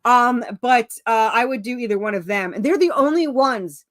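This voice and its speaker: A fairly high-voiced woman talks as a guest on a video call. She rambles cheerfully through fillers and restarts and pokes fun at herself. The sound is dry and close, with no room around her. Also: normal speed, no echo. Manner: self-mocking, laughs at herself. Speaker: indie comic creator, interview guest. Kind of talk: casual video-call chat.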